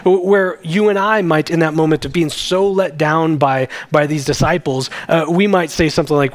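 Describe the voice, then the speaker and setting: A man's voice: a little high, moderate pace, hardly any pauses. A man, a pastor, preaching a sermon in an earnest, conversational way.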